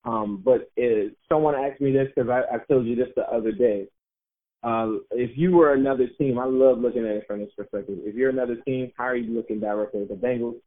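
A man's voice: mid-range voice, fairly quick. A man co-hosting a podcast, talking casually about football and laughing at himself. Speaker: podcast co-host. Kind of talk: casual sports talk. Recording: narrow phone-like sound.

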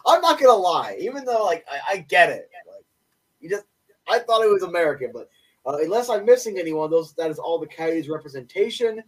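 A man's voice: high-pitched, very animated, distant mic, low-quality recording. Young man, upbeat, a bit off-mic. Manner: enthusiastic, opinionated, quick stat rundowns. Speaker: podcast co-host. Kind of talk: casual sports podcast chat.

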